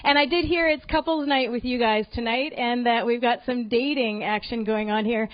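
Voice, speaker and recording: Brash crowd-teasing female comic from Alberta, high voice, dry lo-fi sound. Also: fairly even intonation, normal speed, no echo. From Alberta, Canada. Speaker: stand-up comedian. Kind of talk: stand-up comedy set. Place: comedy club. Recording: dull lo-fi live recording.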